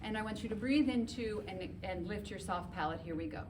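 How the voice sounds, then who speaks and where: A woman's voice: medium pitch, brisk. Upbeat woman vocal coach, recorded from afar. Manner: lively, upbeat, chatty instructions. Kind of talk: coaching a chorus rehearsal. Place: rehearsal room with risers. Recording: distant mic with background noise.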